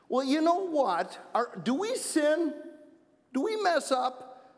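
A man from Wisconsin giving an energetic children's message in church, playful and repeating himself to keep the kids with him. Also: very high voice, slow. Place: church sanctuary. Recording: long church reverb.

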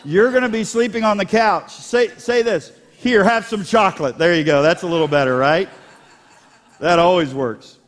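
Guy preaching a sermon, kinda high voice, jokes around with the crowd, long echo like a big church. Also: normal speed. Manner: animated, joking with the congregation. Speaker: pastor. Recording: long hall reverb.

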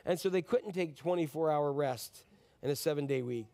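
Male pastor, high voice, chatty and joking Christmas sermon, keeps asking the congregation questions. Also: normal speed, warm tone. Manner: conversational and joking, asks the audience questions.

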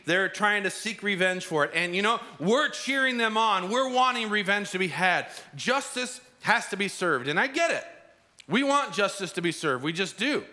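A man's voice: sits high, pushed and bright. A man preaching a sermon as pastor, telling a personal story with acted-out quotes. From Arizona.

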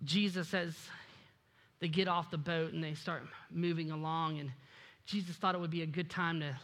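A pastor preaching a sermon in a lively way, acting out quoted voices and dropping low and quiet for emphasis. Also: moderate pace. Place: church sanctuary.

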